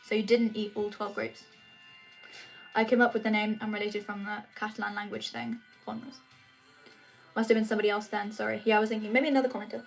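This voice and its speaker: A teenage English girl chats casually on a livestream from a room at home, reading and answering comments and often restarting her sentences. Her medium-pitched voice is fast and flat, with soft music playing behind her.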